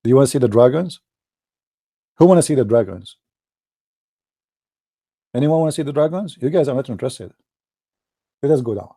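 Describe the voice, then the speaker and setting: Animated, mocking male debate streamer. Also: mid-range voice, fairly quick, pauses often. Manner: mocking, sarcastic, dramatic hushed asides. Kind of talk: livestream commentary.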